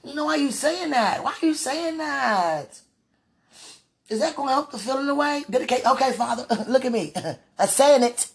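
A woman's voice: high-pitched, expressive, normal speed, breathy edge. A woman, praying aloud in a fervent, pleading, rambling way and laughing between phrases. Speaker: religious speaker. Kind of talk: emotional spoken prayer.

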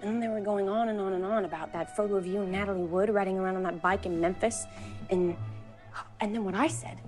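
A woman's voice: mid-range voice, steady tone, fast, darkish tone, close to an everyday voice. An actress playing a teenage girl who earnestly recounts a family argument to her boyfriend, in a film clip with music behind. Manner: earnest, recounting quoted talk.

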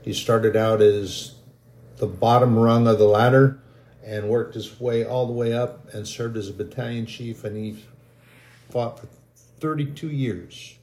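A man giving an emotional, halting sermon testimony as a lay preacher. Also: medium pitch, steady tone, darkish tone, echoey room. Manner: slow, halting, grows emotional and choked.

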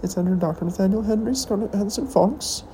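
A woman hosting a podcast, talking in a rambling, halting personal monologue while tearful and emotional. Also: mid-range voice, warm tone, slight background noise, rough recording. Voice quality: halting, hesitant delivery with pauses. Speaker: podcast host.

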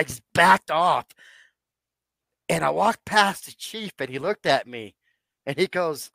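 A man's voice: fairly high pitch, lively intonation, measured pace, gravelly, bright, forceful tone, no room sound. Rambling sixty-something man telling stories. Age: 60s. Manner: rambling, addresses listeners as "guys". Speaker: podcast guest. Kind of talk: personal storytelling.

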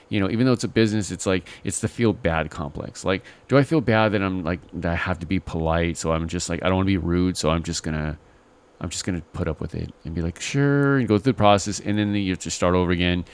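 A low-pitched man talks casually on a podcast, rambling through his thoughts with plenty of fillers. He leans on "you know" and "right?" and slips into animated impressions of the people he describes. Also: fast talker, clear, resonant tone. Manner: animated, mimics call-center agents in exaggerated voices. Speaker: podcast co-host. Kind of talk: casual chat.

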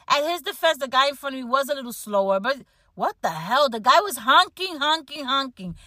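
A woman hosting a podcast, chatting casually and ranting with animated energy about everyday annoyances, often laughing at herself. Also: high voice, fairly quick, dry recording, clean studio sound. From United States. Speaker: podcast host. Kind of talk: casual chat.

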